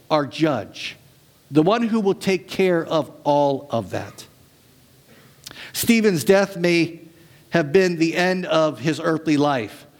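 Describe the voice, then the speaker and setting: A man preaching a sermon as a pastor, dramatic, asking rhetorical questions and dropping his voice low for emphasis. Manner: rhetorical questions, humorous asides.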